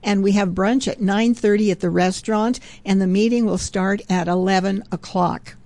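A woman hosts a devotional radio ministry show in a warm, mellow voice, earnest and fervent, often breaking into praise. Her delivery is chatty and conversational, with small restarts, and the recording is close and dry with no room sound. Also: medium pitch, steady tone, moderate pace, no room sound.

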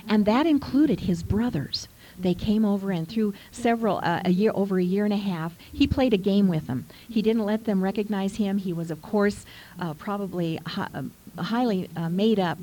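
A woman's voice: mid-range voice, mellow, poor audio. A woman co-hosting a faith program, telling a scripture story with earnest feeling. Her voice sits in an ordinary middle register, and she reads the verses with care. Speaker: co-host. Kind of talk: Bible teaching talk.

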